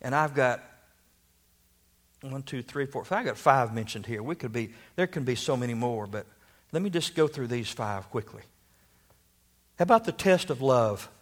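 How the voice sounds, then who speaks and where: A man's voice: mid-range voice, expressive, moderate pace, pauses often. A man preaching a sermon, telling a story and asking rhetorical questions.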